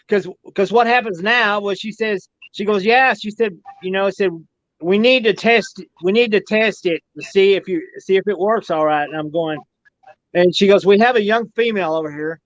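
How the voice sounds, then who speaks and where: A man's voice: high-pitched, no room sound, highs cut off. A man telling a long story as a podcast guest, in a rambling, folksy way that keeps circling back with "she said.". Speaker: podcast guest recounting an alien encounter. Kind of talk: casual storytelling.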